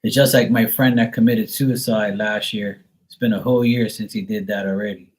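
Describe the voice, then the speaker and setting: A man's voice: on the low side, fairly even intonation, normal speed, darkish tone, poor audio. A man hosting a live tarot reading stream, talking casually, bluntly and with frequent swearing. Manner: blunt, profane and candid.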